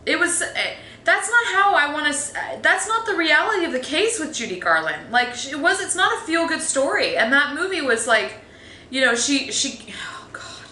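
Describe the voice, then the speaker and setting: A woman vents through a casual movie review, rambling and restarting her sentences with a bright, forceful edge. Her voice sits a little high. The room is echoey, with a faint hum of ambience behind her. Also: very animated, moderate pace. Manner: rambling, exasperated, many fillers and restarts. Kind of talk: casual opinionated film review. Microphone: phone.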